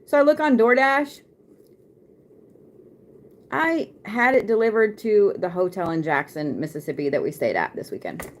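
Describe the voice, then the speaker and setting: A woman's voice: medium pitch, big pitch swings, moderate pace. Woman, card reader, chatty, laughing, swears freely. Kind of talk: casual live-stream chat.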